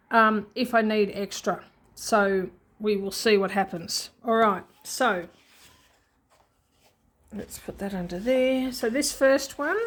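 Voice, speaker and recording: An Australian woman chatting casually and unscripted as a budgeting vlogger at home, rambling and repeating herself as she goes. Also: fairly high pitch. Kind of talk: casual unscripted vlog chat. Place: at home with her cat nearby.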